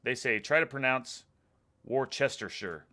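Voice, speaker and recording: A man's voice: on the low side, normal speed, sharp tone. A man in his thirties with a Texan accent, chatting casually on a live stream and reading out viewer comments, rambling and laughing a lot. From Texas, USA. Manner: rambling, laid-back, laughs often, trails off mid-sentence.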